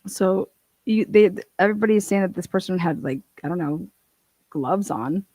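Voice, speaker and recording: A woman's voice: lowish voice, moderate pace, dark tone, dry recording. A woman hosting a casual true crime livestream, swearing freely, laughing and reading court documents aloud. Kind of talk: casual profane livestream commentary.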